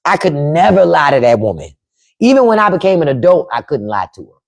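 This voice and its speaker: A woman in her fifties talks straight to her livestream viewers, blunt and profane, with laughing asides. Her pitch swoops widely up and down on a slightly low voice. She slips into put-on voices to quote her mother and grandmother. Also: big pitch swings, brisk, gravelly. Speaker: podcast host on a livestream. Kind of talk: casual livestream storytelling. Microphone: phone or webcam livestream mic.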